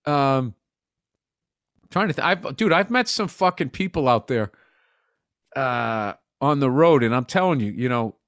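A man's voice: mid-range voice, lively intonation, measured pace, pauses often, fairly bright tone, no echo, studio quality. A man, a comedian, telling rambling stories in casual podcast chat, swearing and restarting sentences. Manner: storytelling, swears a lot, stammers on restarts.

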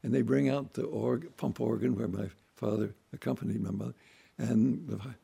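An older man reminiscing about his childhood in a relaxed, anecdotal storytelling way, now and then acting out voices and sounds. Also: mid-range voice, a little fast, vocal fry, husky. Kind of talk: unscripted reminiscing monologue.

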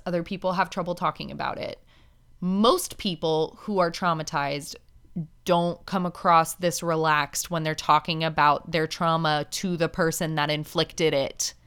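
Her voice lowish, smooth, and slightly bright, a female podcast host chats candidly through a reality-show recap, peppering it with "like" and little laughs at her own remarks. She's indoors, and street sirens sound nearby.

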